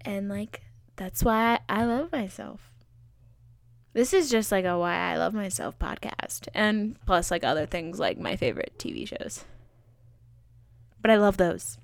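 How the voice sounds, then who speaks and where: A woman's voice: mid-range voice, lively intonation, unhurried, gravelly, pauses often, no echo. Joking woman podcaster, dry sound. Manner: rambling, joking and self-mocking; chatty with many fillers. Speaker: podcast host. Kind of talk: casual solo podcast chat.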